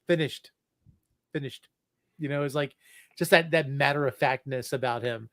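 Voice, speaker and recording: A man's voice: medium pitch, fairly quick, fairly bright tone, dry recording, clean studio sound. A man in his thirties hosting a casual fan podcast, rambling with many restarts and fillers. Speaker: podcast host. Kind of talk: casual chat.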